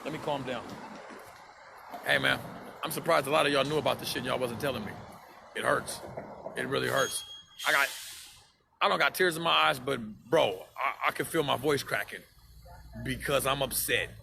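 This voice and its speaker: A man's voice: mid-range voice, a little fast, creaky, noisy background. A man on a livestream, speaking to his viewers in an impassioned, profane rant and repeating himself for emphasis.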